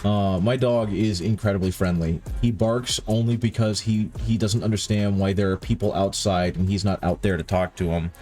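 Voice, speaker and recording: A man's voice: lowish voice, steady tone, moderate pace, hardly any pauses, dark tone, soft background music. A man chatting casually with stream viewers while painting, rambling and correcting himself, sounding tired. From countryside upbringing. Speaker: livestream host painting miniatures.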